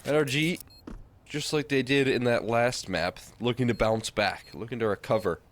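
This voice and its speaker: A man giving laid-back, measured color commentary on a live esports match. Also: mid-range voice.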